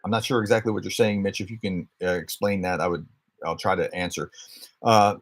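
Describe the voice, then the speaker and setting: A man with a somewhat low, husky voice talks through viewer questions in a relaxed, unscripted way. He explains as he goes, often restarting sentences while he works out his point. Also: fairly quick. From United States. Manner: conversational, explanatory, frequent restarts. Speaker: host answering viewer questions. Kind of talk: casual livestream Q&A, thinking aloud.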